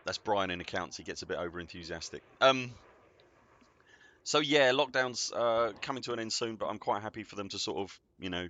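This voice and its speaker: Deep-voiced man chatting casually. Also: animated, a little fast, sharp tone. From United Kingdom. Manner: rambling and chatty, greeting viewers by name. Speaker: game streamer. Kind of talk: casual live-stream chatter while gaming. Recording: dull, dry lo-fi sound.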